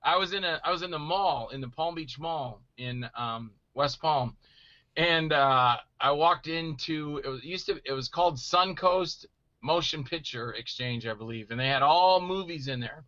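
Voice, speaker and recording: A middle-aged man telling stories in casual chat, animated and acting out voices he quotes. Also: on the high side, moderate pace, no echo, dull audio. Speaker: guest actor telling stories.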